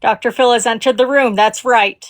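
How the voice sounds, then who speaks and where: A woman, gentle and caring, talking hesitantly on a live call. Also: on the high side, fairly even intonation, moderate pace, no echo. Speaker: live stream guest. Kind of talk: casual chat.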